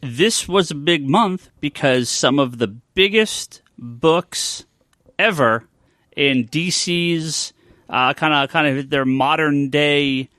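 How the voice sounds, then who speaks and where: A man's voice: on the high side, slow pace, dry recording, clean studio sound. A man hosting a casual comics podcast, leading the talk and reading out sales figures. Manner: animated, leads the talk and reads out sales numbers. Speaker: podcast host.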